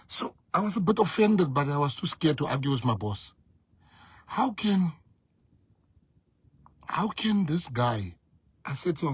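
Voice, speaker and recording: South African man, party leader, very husky voice, dry close sound; emphatic storyteller who repeats for punch. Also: on the high side, big pitch swings, a little slow, long pauses, no echo. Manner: emphatic, repeats lines for effect. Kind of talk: storytelling speech.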